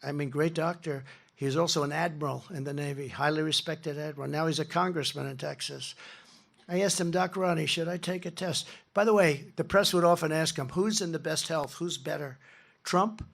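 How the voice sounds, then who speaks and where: Gravelly, high-voiced older man at a rally. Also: steady tone, fairly quick. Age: 70s. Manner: rambling, boastful, with digressions. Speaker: political candidate. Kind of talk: campaign rally speech. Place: large rally venue. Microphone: podium mic.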